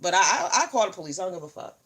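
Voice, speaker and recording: A woman hosting a casual livestream, telling stories loudly with lots of swearing and greeting viewers by name. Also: on the low side, very fast, husky. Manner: loud, profane, animated storytelling, greets viewers mid-story. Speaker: livestream host.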